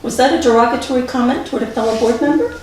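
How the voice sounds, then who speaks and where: A woman chairing a library board meeting speaks quickly, stern and procedural as she calls members to order. Her voice carries from far back in an echoey room, with clear room noise. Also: fairly high pitch, a little mellow. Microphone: distant camera.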